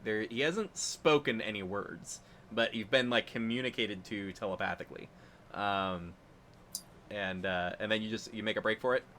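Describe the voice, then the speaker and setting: Man, game master, tabletop game narration, rambling relaxed delivery, bright tone. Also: on the low side, moderate pace, slight background noise. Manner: relaxed, rambling narration with filler words and chuckles.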